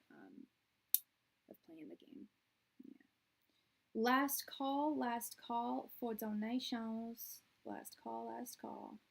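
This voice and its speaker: A woman hosting a tarot live stream from a room at her parents' house, chatting in a soft, soothing voice with many fillers and restarts. Her audio comes through quiet and low. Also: slightly rough, low-quality recording. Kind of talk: casual live-stream chat. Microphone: quiet, low-level live-stream audio.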